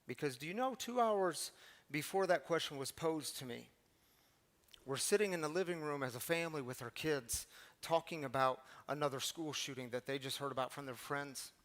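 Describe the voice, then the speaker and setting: A middle-aged man, a pastor, giving an earnest, confessional sermon that swings from hushed to emphatic, often repeating words. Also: a little high, moderate pace. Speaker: pastor of a recovery community. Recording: long hall reverb, faint music behind.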